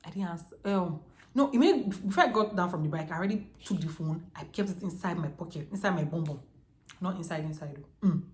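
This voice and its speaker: A Nigerian woman in her twenties telling a storytime vlog in a lively, chatty way, full of slang. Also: fairly low pitch, brisk, a little hiss or hum. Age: 20s. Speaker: vlogger. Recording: echoey room.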